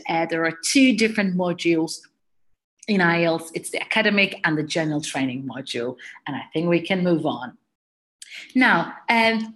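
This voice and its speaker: British woman hosting an exam webinar. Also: lowish voice. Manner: conversational, answers chat questions as they come in. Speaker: IELTS webinar presenter and teacher. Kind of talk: live webinar presentation with Q&A.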